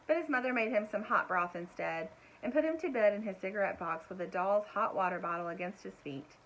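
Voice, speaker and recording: A woman reading a children's chapter book aloud in a gentle, expressive way, adding little asides for young listeners. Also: mid-range voice, a little fast, a little hiss or hum, low-quality recording. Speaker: storyteller.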